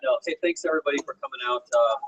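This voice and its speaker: A husky-voiced man in his forties stands before a roomful of people and tells a personal story, earnest and direct. He asks the listeners questions as he goes. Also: mid-range voice, big pitch swings, rapid-fire, a bit bright, low-quality recording. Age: 40s. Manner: earnest, personal, speaks straight to the audience. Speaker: guest motivational speaker. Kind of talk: personal story told to a meeting audience. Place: meeting room with an audience.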